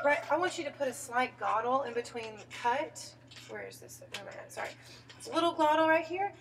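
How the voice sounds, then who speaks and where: A woman's voice: a little high, expressive, fast. A woman teaching a singing lesson, coaching a student and singing phrases to show how they go. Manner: coaching, demonstrating sung phrases. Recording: distant mic with piano.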